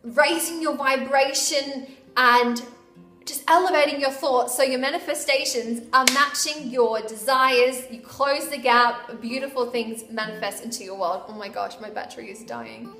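A woman's voice: sits high, moderate pace, pushed and bright. A woman vlogging to camera, gushing and affectionate, who keeps calling the viewer "my love.". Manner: bubbly and upbeat. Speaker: wellness vlogger. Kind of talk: excited talk to camera. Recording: echoey room with faint background music.

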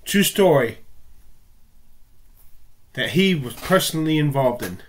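A man's voice: fairly high pitch, expressive, unhurried. A man hosting a video, addressing the viewer directly in a confrontational preaching commentary. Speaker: video host.

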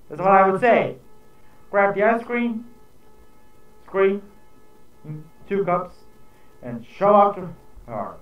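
A high, wildly swinging man's voice reacts to clips with a lot of cursing, drawling his stories slowly. He sits some way off the mic in an echoey room, with faint music underneath. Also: recorded from a distance, dull audio. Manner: excitable, profane, mimics people in stories. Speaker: reaction video host. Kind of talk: casual reaction commentary.

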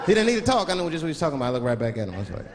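In a large hall, a man with a fairly high voice rattles through a stand-up set at a very fast clip. He's animated on stage before a live crowd, switching into mock voices for his stories, and the recording carries audience sounds and noise.

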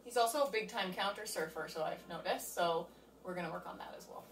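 A little fast and lowish in pitch, a female dog trainer talks through her session step by step in a casual at-home demo. There's a little hiss or hum, and the sound is roomy and distant with faint ambience.

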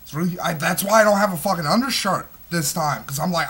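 A man's voice: high-pitched, fairly quick, few pauses, a bit bright, breathy edge. A man in his twenties reviewing a movie in an agitated, heavily profane rant, full of stumbling restarts. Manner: smoking while talking.

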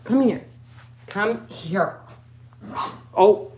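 Slow-talking woman cooing at puppies. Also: mid-range voice, warm tone, slight background noise. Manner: cooing baby talk to puppies. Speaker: vlogger with puppies. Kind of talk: casual chat.

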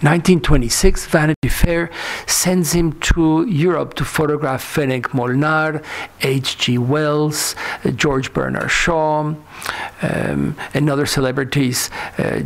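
A man's voice: fairly high pitch, slow pace, vocal fry. A man giving a conference talk, telling anecdotes about a photographer's life with frequent fillers and quoted dialogue. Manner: storytelling, many fillers, quotes characters in dialogue. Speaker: lecturer. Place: lecture hall.

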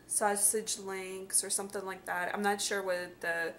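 A woman's voice: medium pitch, little pitch movement, measured pace. A young woman with a Russian accent, rambling casually with many fillers as she vlogs around a city on a handheld camera. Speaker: vlogger. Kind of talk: casual travel vlog narration. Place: around a city, indoors and outdoors. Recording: loud street and traffic noise.

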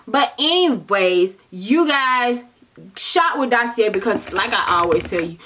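A woman's voice: a little high, lively intonation, unhurried, a bit bright, a little hiss or hum. A young woman talking casually to her viewers in a haul vlog. She sounds tired and chatty, and she calls her viewers "baby" and "child". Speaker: vlogger.

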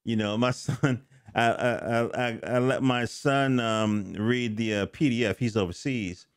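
Middle-aged male reviewer, casual rambling delivery, mid pitch, dry close sound. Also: steady tone, a little slow, no echo. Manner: rambling, self-correcting, joking asides. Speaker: comic book reviewer. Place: home studio.

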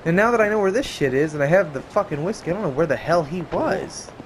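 A man's voice: on the high side, fast, slight background noise. A young man giving casual let's-play commentary over a game, swearing freely and yelping or laughing at what happens on screen. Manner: excitable, swears a lot, yelps and laughs at the game. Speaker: gameplay streamer. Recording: game music underneath.

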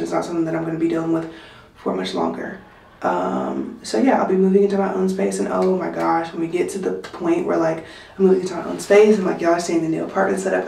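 A woman's voice: lowish voice, gravelly, a little mellow. A woman, vlogging casually at home and venting to her viewers, full of "like" and "y'all". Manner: chatty, venting, lots of "like" and "y'all". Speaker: nursing student vlogger. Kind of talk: casual vlog talk to camera. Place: at home in an apartment. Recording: roomy, slightly distant phone recording.

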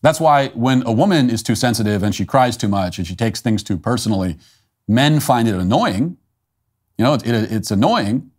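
A man's voice: medium pitch, animated, moderate pace, darkish tone. A man hosting an opinion show, delivering a blunt, emphatic and scornful monologue. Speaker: host.

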